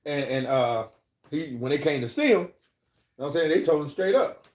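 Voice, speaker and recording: Brisk and a little high, with lively intonation, this man's voice carries a live stream recorded in an echoey room. He rambles through profane, casual stories, checks in with listeners, and keeps asking "you know what I'm saying."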